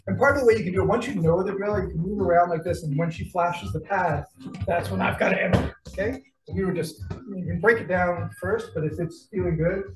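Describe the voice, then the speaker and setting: A man teaching a martial arts class, calling out combinations and checking in with his students, sounding out of breath. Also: high-pitched. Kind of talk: class instruction. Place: training gym. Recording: echoey gym from far off.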